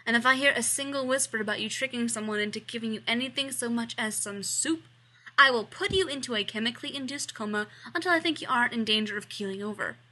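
Woman as a stern male doctor, southern accent, gruff, scolding, husky tone. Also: a little high, fast talker, hardly any pauses, pushed and bright.

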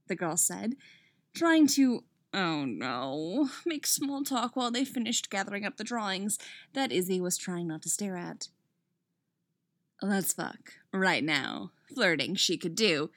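A reader with a mid-range voice works through a romance fan fiction aloud, reacting expressively with sudden asides and swearing in the middle of passages. The recording is clean studio sound without any room sound.

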